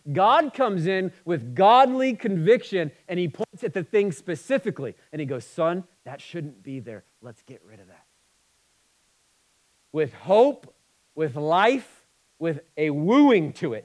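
A man preaching a sermon, moving between emphatic, passionate stretches and quiet, somber ones. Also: high voice, low-quality recording. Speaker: pastor.

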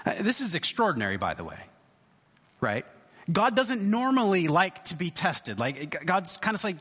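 Male preacher, chatty sermon delivery with animated pitch and restarts; recorded with long reverb from a hall. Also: measured pace, long pauses, husky. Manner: conversational, hesitant restarts, acts out quoted voices.

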